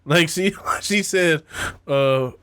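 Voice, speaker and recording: A man's voice: a little high, drawn-out words, a bit bright, slight background noise. Rambling slangy young man. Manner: rambling storyteller, slangy, laughs often. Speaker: podcast co-host. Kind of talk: casual chat.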